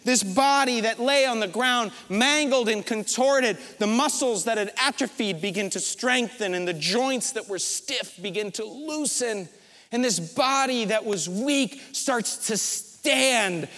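A man preaching a sermon as a pastor, retelling a scene as a vivid story and pausing often for drama. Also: very high-pitched, sharp tone. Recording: long reverb from a large hall.

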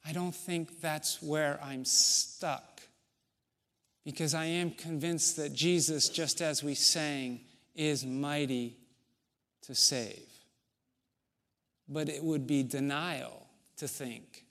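A man preaching a sermon in a church, measured, with long pauses, building to emphatic stretches. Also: mid-range voice, gravelly, fairly bright tone. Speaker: pastor. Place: church sanctuary.

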